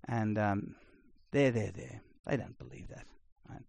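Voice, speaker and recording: A middle-aged man preaching a sermon, blunt and conversational, swinging between loud emphasis and quiet asides. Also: lowish voice, a little slow, creaky, no room sound. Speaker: pastor.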